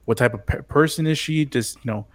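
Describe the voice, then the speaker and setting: A man's voice: mid-range voice, a little fast, dry recording. Man with a dry, close voice, hesitant. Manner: hesitant, many restarts, chuckling asides. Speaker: podcast co-host. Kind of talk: casual chat discussing a TV show.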